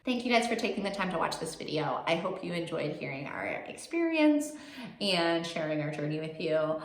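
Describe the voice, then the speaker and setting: Young woman vlogging casually, kinda low voice, says like a lot, roomy echo. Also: big pitch swings, normal speed. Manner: chatty, heavy use of "like", emotional. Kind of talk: casual personal storytelling. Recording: echoey room.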